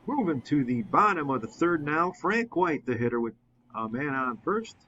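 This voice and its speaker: A man calling play-by-play of a simulated baseball game, rising with excitement on big hits and chatting through a recap. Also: a little high, normal speed, lo-fi sound, slight background noise.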